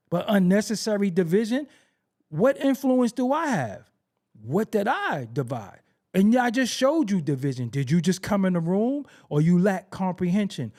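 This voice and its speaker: High-voiced, fired-up New man. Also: sing-song, moderate pace, a little mellow. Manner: ranting, repeats phrases for emphasis, rhetorical questions. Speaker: podcast host. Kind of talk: heated opinion commentary.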